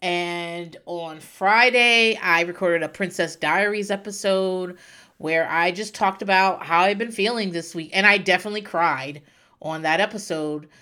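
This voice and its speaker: A thirties-aged woman hosts a podcast and shares a personal story in a relaxed, conversational way, full of fillers and restarts, drifting from tearful to laughing. Her voice sits fairly low and sounds bright and pushed, and she keeps a measured pace.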